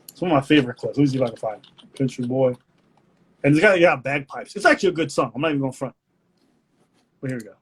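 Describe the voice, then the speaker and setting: A man's voice: medium pitch, fast, long pauses, husky. A man hosting a live stream, talking in a candid, rambling, joking way. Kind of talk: casual live-stream chat.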